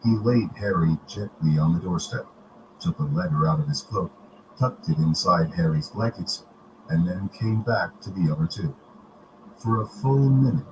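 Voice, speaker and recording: Deep-voiced man reading a storybook. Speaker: streamer reading aloud. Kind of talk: storybook read-aloud. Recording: noisy home recording.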